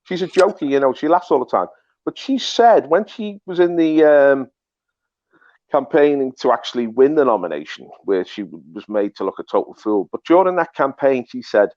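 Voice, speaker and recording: A man's voice: mid-range voice, expressive, normal speed, a little mellow, no echo. A man hosting political commentary, talking emphatically and repeating himself. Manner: emphatic, repetitive, restarts often. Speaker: host. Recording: dull dry lo-fi recording.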